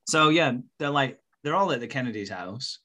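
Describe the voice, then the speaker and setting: Bright-voiced man recapping, laughing. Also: medium pitch, lively intonation, normal speed. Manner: laughs often while retelling the plot. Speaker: podcast co-host recapping a TV episode. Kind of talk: casual chat.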